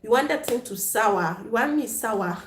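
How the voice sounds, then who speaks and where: A woman's voice: on the high side, expressive, normal speed, a little hiss or hum. Frank, laughing woman in an echoey room. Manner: frank and playful, laughs often, mixes Pidgin into English. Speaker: host of a live chat stream. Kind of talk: casual chat with viewers.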